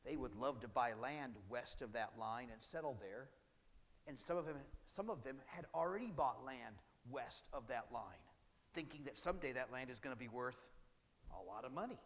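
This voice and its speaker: A man's voice: medium pitch, expressive, moderate pace, fairly bright tone, in a large hall. A male history teacher giving a classroom lecture in a conversational way, now and then acting out historical speakers. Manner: conversational, acts out British and colonist voices.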